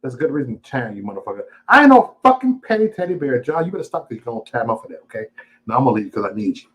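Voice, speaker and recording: A man's voice: medium pitch, animated, very fast, poor audio. A man hosting a casual live stream, greeting viewers and ranting at them in a profane, taunting, boastful way. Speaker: livestream host.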